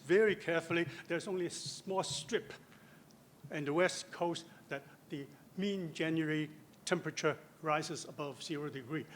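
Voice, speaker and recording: A man's voice: a little high, fairly bright tone, slight background noise. An older man giving a conference lecture, chatty and joking, with lots of asides. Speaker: guest lecturer. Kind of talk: conference talk.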